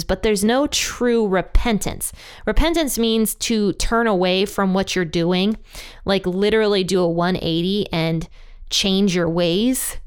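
A woman with a smooth, clean, mid-pitched voice leads a casual Bible study. She reads passages aloud and then explains them in a chatty way, laughing lightly at her own asides. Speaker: Bible teacher.

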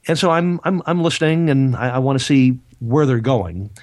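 Halting, self-deprecating male storyteller. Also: mid-range voice, darkish tone. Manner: halting, many restarts and self-deprecating humor. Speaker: author and speaker, regular guest. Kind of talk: casual storytelling.

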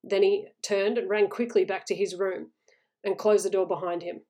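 A woman reading a horror short story aloud in a measured, suspenseful way. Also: mid-range voice, steady tone, mellow.

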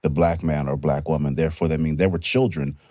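Low-voiced earnest male host, dry studio sound. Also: steady tone, quick pace, warm tone, no echo. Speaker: podcast host. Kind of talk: casual podcast discussion.

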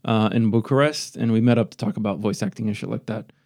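Low, gravelly and darkish in tone, this man's voice stays steady as he talks at a quick clip. He's a non-native English speaker from Romania hosting a laid-back podcast conversation on a podcast mic, wandering off topic, running himself down and swearing freely.

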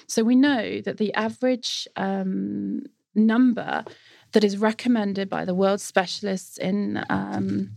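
A woman who is a sourdough baking expert appears as a guest in a casual interview, enthusiastic, emphatic, and quick to laugh. Her medium-pitched voice is creaky and darkish, with fairly even intonation and a slow pace.

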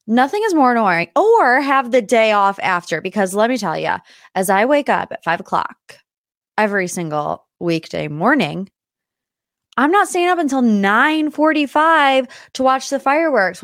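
A young woman talks straight into a close, dry mic as she hosts her own pop-culture podcast. She rambles in chatty tangents with lively asides, in an easy mid-range voice. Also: mid-range voice, no room sound. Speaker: podcast host. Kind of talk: casual solo pop-culture chat.

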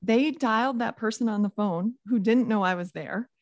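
A woman in her forties co-hosting a faith podcast, telling a story lively and acting out the dialogue. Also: fairly high pitch, moderate pace, no echo. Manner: animated storyteller, acts out dialogue. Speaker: podcast co-host. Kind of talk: casual faith podcast chat.

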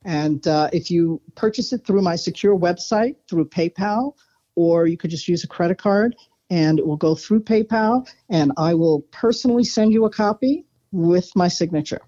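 A woman's voice: fairly low pitch, normal speed, warm tone, highs cut off. A woman guest on a podcast, blunt and plain-spoken with a self-deprecating streak. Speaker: podcast guest, former disaster responder. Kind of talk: casual interview chat.

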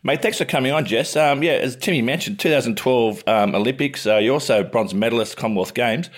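A man's voice: medium pitch, fairly quick. An Australian man, a former cricketer co-hosting a sport show, talking in a blokey, laid-back way. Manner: blokey and laid-back, says "mate" a lot. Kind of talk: casual sports chat.

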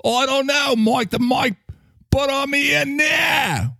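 A man voicing a cheery male spirit with a muddled fake Australian, Cockney and pirate accent, drawn-out and booming. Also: vocal fry, bright, forceful tone, dry recording, exaggerated voice. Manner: bellowing, drawn-out, over-the-top cheer. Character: cheery male spirit, mangled accent, spouts recovery slogans.

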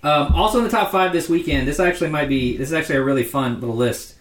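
A man's voice: on the high side, fast. A man co-hosting a casual movie podcast, rambling, laughing often and quoting film lines in put-on voices. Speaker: podcast co-host. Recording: roomy echo.

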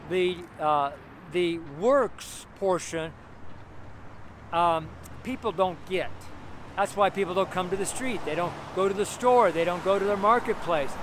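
A man preaching as a street minister, earnest and rambling, repeating his points as he exhorts. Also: sits high. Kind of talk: street sermon. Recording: noisy outdoor street recording with cars. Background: passing cars and urban street noise.

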